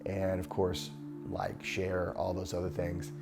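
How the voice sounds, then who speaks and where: A man hosting a show, leading a guided breathing exercise in a slow, soothing, encouraging way. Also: deep voice, completely flat delivery, darkish tone, faint music behind. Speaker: breathwork host.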